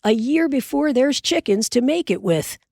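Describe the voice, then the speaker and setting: A woman reading an audiobook voices Pa, a cheerful, steady frontier father who talks in a hearty, reassuring way. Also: high voice, moderate pace, dry recording, clean studio sound, voice pushed up.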